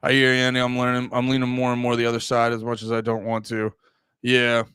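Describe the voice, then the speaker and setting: A man's voice: medium pitch, completely flat delivery, quick pace, a bit bright, clean tone, no room sound, clean studio sound. A man from Pennsylvania, a comedian hosting a livestream, talking to his chat in a profane, rambling, heated way. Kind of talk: casual livestream talk to chat.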